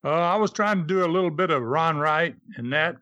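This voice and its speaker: Brief: older male guest, relaxed and halting, dry close sound. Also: on the high side, no room sound, highs cut off. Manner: easygoing, hesitant with uh fillers. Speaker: guest, former wrestling promoter. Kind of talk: casual podcast chat.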